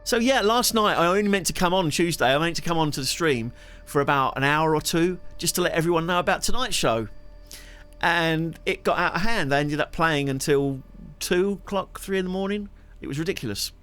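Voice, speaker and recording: A man's voice: on the high side, fairly quick, a bit bright, soft background music. A man chatting on his live stream, rambling and laughing often. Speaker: streamer and musician. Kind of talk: casual live-stream chat.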